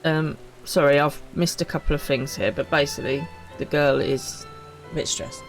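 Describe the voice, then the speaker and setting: A woman's voice: low-pitched, fairly even intonation, normal speed, faint music behind, rough recording. A woman, chatting casually while streaming a game, full of self-mocking asides. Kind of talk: live game streaming chat.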